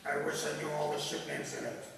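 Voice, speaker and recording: A man's voice: a little high, level tone, fast talker, creaky, fairly bright tone. A man voicing an earnest, bewildered pirate in a poetry reading, his lines plaintive and questioning. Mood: wondering. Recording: echoey hall, mic at a distance.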